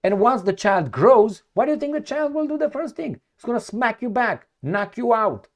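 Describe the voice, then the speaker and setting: Man, political commentary, sarcastic and heated, lively swooping pitch, fumbles for words. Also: normal speed. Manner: searches for words, repeats himself. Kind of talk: reading news aloud and reacting.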